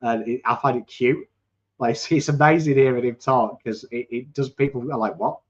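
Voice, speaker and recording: A chatty man from England with a coarse voice hosts a live football watchalong, reacting to the match and viewer comments with swearing and sudden shouts. His pitch is medium, his pace moderate, and the stream audio is dull and lo-fi.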